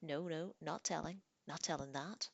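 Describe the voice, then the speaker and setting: In an exaggerated audiobook-style performance, a woman voices a small, sly, greedy male troll who giggles and repeats words in a sing-song manner. Her delivery is low, breathy and whispery at a moderate pace. The recording is dry.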